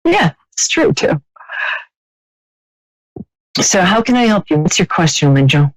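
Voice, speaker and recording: A woman's voice: on the low side, sing-song, measured pace, low-quality recording. A woman hosting a live psychic radio call-in, chatty and laughing often, with many restarts.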